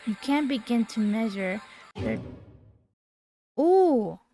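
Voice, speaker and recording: Young woman in her twenties, gamer, reads horror game text aloud, unhurried and dramatic, middle pitch, faint music behind. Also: fairly even intonation. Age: 20s. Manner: slow, dramatic reading with sudden startled outbursts.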